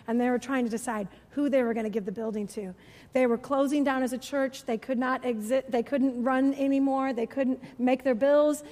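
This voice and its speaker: A woman giving a personal testimony at church, an animated storyteller who laughs often. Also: high-pitched. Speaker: church speaker. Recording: long reverb of a large hall.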